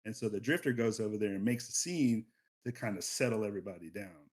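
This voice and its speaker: A man co-hosting a podcast, chatting in an animated storytelling way. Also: on the low side, quick pace. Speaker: podcast co-host. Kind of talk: casual chat.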